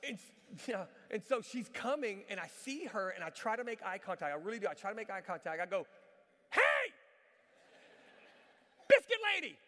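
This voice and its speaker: High-pitched guy preaching, animated storyteller, kinda loud, big echoey church hall. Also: fast talker, hardly any pauses. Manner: animated, self-mocking storyteller; says he can be loud. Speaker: traveling church speaker. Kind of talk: sermon storytelling.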